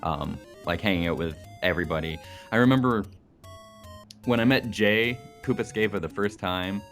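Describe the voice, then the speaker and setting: A man's voice: on the low side, moderate pace, a bit bright, soft background music. A man being interviewed as a video editor, chatting casually, with lots of fillers and restarts as he rambles through his memories.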